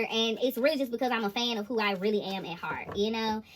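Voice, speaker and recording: A woman giving a casual, animated tarot reading to camera, often giggling and laughing. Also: on the high side, fast talker, a little hiss or hum. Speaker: tarot reader.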